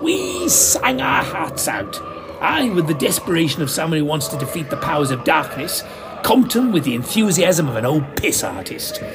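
A man's voice: on the high side, big pitch swings, moderate pace, music in the background. A man narrating a comic mystery in a theatrical, camp manner. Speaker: storyteller.

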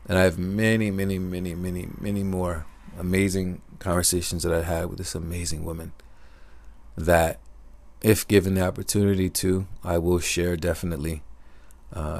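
A man with a very low voice and a gravelly rasp, speaking slowly and reflectively. He tells a personal story straight to his listeners in a soft-spoken, unhurried monologue. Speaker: podcaster.

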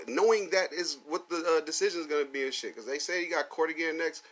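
A man's voice: on the high side, brisk, few pauses, a bit bright. A man hosting a casual solo podcast, ranting heatedly with lots of profanity, fillers and short laughs. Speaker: podcast host.

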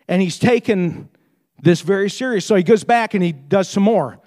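A man preaching a sermon. He retells a story with deep feeling, repeats and restarts his words when moved, and builds into fervent preaching. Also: a little fast, darkish tone.

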